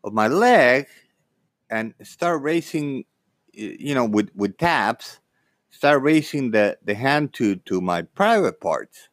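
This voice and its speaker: A man telling a personal story in a rambling, animated way, full of fillers and restarts. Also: mid-range voice, slow, no echo, studio quality.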